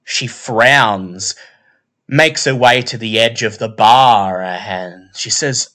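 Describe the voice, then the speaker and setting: A man narrating a horror tabletop game as game master, in unhurried, descriptive tones. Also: on the low side, pushed and bright.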